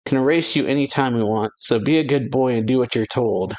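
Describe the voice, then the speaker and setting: A man's voice: mid-range voice, brisk, darkish tone, lightly acted. A man reading a curt bossy commander. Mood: stern. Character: stern commanding male officer.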